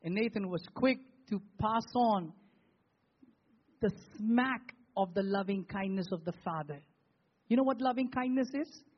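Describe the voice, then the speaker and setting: Male pastor, high husky voice, sermon with searching questions and pauses, dull lo-fi sound. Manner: preaching with rhetorical questions and emphatic pauses.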